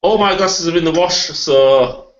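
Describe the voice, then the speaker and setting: A man's voice: fairly high pitch, measured pace, dull audio, background noise. A man hosting a casual beer tasting chat, rambling and laughing often. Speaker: beer review host.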